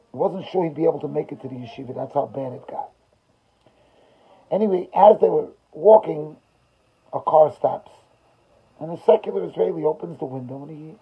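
Raspy rabbi in a fervent sermon. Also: male voice, fairly high pitch. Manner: swings from loud emphasis to hushed, tearful retelling. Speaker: rabbi giving a Torah class. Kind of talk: emotional sermon storytelling. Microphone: video call. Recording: dull lo-fi video call audio.

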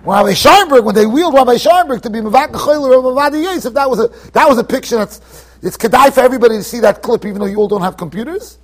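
In a yeshiva study hall, a rabbi teaches a Torah lecture to students, animated and emphatic. He talks fast in a very high-pitched voice, acting out the people he quotes and swinging between sudden loud bursts and quiet, trailing-off asides.

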